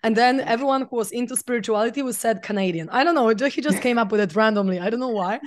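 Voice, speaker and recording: A woman's voice: on the high side, rapid-fire. A woman, a podcast guest telling a personal story in a chatty way, full of fillers. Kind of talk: casual interview storytelling.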